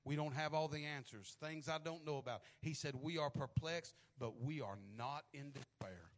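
A man preaching a sermon who tells stories in a low voice, then builds to shouting, often repeating words as he starts phrases. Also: moderate pace.

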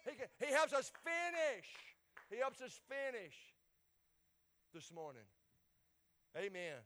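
A man preaching a sermon, stammering and repeating words as he builds toward loud, shouted peaks. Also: very high voice, sing-song, takes it slowly. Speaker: pastor.

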